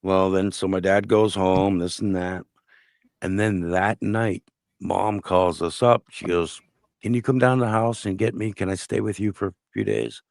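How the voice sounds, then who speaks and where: This gravelly-voiced man speaks low and steady at a moderate pace, with a slightly mellow quality, recorded dry in studio quality. As a guest relating his life story, he tells a family anecdote casually, swearing and speaking bluntly.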